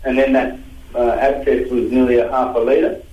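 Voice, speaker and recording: Appearing as a guest boxer on a radio phone-in, an Australian man in his thirties is blunt, combative, and heavy on slang. He speaks at a moderate pace with a medium pitch and level tone, while the recording sounds muffled and reverberant.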